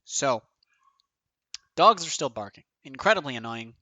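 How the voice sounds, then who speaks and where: A man streaming his own online card game tournament, thinking aloud, counting out numbers and swearing often, his voice going a bit hoarse. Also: medium pitch, lively intonation, a little slow, pushed and bright, no echo. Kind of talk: excited live commentary of own play.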